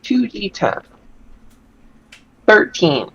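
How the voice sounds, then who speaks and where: A man playing in a tabletop game who speaks slowly and hesitantly. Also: sits high, very animated, a bit bright, breathy edge, highs cut off. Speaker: player. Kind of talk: casual tabletop play.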